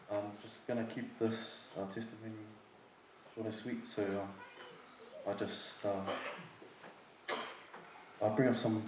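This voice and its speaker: Hesitant young man in a noisy echoey hall. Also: lowish voice. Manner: hesitant, with frequent ums, telling gentle funny stories. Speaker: grandson giving a testimony at a memorial service. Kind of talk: informal memorial speech. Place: large echoey hall at a family service. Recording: echoey hall with background noise.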